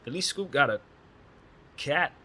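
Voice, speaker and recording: A man's voice: fairly high pitch, animated, unhurried, bright, forceful tone, a little hiss or hum. A man hosting a casual solo basketball chat, talking bluntly and with strong opinions, using casual slang. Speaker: basketball commentary host.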